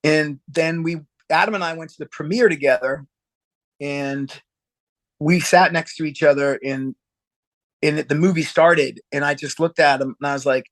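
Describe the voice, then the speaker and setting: A man, a musician guest, telling a story in a casual interview, rambling and halting with laughs and acted-out quotes. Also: fairly high pitch, steady tone, a bit bright.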